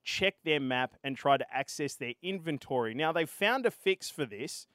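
An Australian man hosting a casual gaming podcast, out of breath and energetic. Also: a little high, moderate pace, no room sound, studio quality. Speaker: podcast host.

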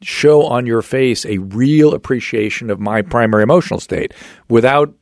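A middle-aged man hosting a podcast interview, thinking aloud with many halting restarts. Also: medium pitch, dry recording, clean studio sound. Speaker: podcast host. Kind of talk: casual interview talk.

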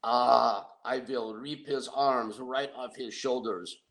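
A man doing a slow, menacing brute wrestler. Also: mid-range voice, fairly even intonation, fairly bright tone. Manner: slow, drawn-out, threatening delivery. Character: huge boastful male wrestler, menacing and cocky.

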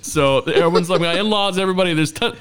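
A man's voice: sits high, quick pace, a bit bright, smooth. A young man hosting a casual podcast chat, telling stories in a rambling, profane way, with many restarts. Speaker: podcast host.

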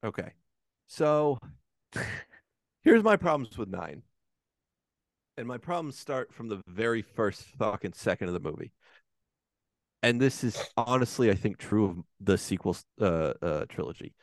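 Ranting, animated male podcast co-host. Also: fairly low pitch, unhurried, long pauses, no room sound, clean studio sound. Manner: heated, ranting, swears often. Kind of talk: casual podcast chat.

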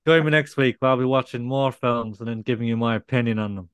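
A man co-hosting a casual comedy podcast, delivering mock-scolding deadpan rants. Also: medium pitch, fast talker, clear, resonant tone. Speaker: podcast co-host.

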